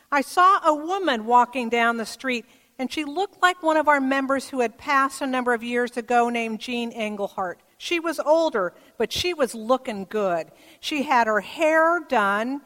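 Woman pastor, sermon in a church, long echo trailing, gentle and unhurried storytelling. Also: high voice. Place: church sanctuary.

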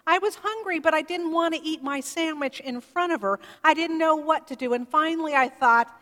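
High-voiced woman telling a sermon story. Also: bright, forceful tone. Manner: measured, vivid retelling of a story. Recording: reverberant hall.

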